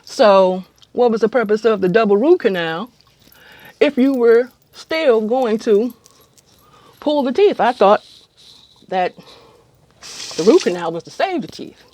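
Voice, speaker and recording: A woman's voice: on the high side, animated, a little slow, long pauses, a little mellow. Rambling middle-aged woman storyteller. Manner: long-winded, rambling with many ums. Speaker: vlogger. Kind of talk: casual storytelling to camera.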